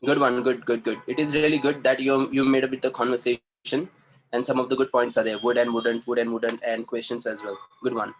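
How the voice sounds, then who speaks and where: A man's voice: medium pitch, level tone, a little fast, a little hiss or hum, poor audio. A man teaching an online class, giving encouraging feedback to students and often repeating his praise. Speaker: communication trainer.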